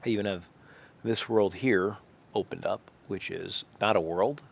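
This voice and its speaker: Low-voiced man rambling over gameplay. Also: measured pace, creaky, highs cut off. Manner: rambling, self-correcting, thinking aloud. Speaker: gameplay commentator. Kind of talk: casual game commentary.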